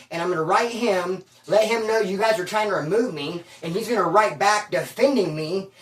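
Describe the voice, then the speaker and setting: A man's voice: sits high, roomy sound, far from the mic, lightly acted. A man voicing a defensive male inmate who insists he cannot be moved off the yard. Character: indignant male inmate pleading his case.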